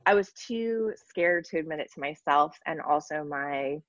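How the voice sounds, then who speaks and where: A woman's voice: low voice, expressive, moderate pace, no echo, muffled recording. A woman business coach talking earnestly in an interview, tired after little sleep, with many ums and likes. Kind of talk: casual interview conversation.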